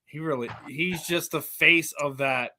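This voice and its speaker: A man's voice: on the high side, unhurried, bright, forceful tone. A man hosting a podcast interview, chatting loosely, repeating words and saying dude. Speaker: podcast host.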